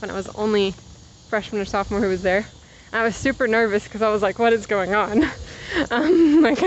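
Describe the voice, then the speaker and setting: This vlogger, a woman in her twenties with a medium-pitched voice, is a bit breathless from climbing a hill on her outdoor walk as she chats and drifts between tangents. Her audio has the highs cut off and a little hiss or hum.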